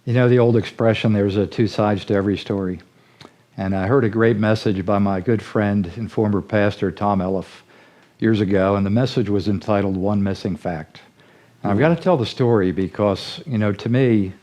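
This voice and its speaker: A middle-aged man with a low, mellow voice, telling a folksy story in the earnest manner of a sermon. He speaks as a ministry leader addressing his listeners. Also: moderate pace. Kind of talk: storytelling sermon-style talk.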